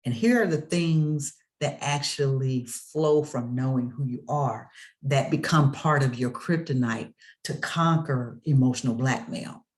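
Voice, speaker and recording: An emphatic motivational speaker who delivers the talk like a sermon. The voice sits in a middle pitch and builds through rhythmic, repeated refrains, with rhetorical calls out to the audience. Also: a little mellow.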